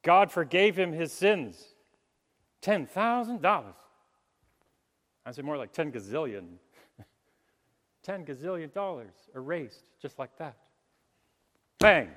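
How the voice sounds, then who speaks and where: A man preaching a sermon, animated, chuckling and acting out the voices of the people he quotes. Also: on the high side, a little slow, pauses often. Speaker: pastor. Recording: long hall reverb.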